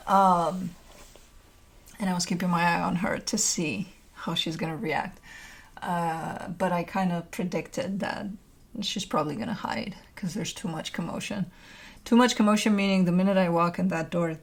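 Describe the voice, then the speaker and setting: A woman host chatting casually and talking baby talk to her pets, with frequent laughter and a doting manner. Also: fairly low pitch. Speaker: tarot reader host. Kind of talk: casual chat.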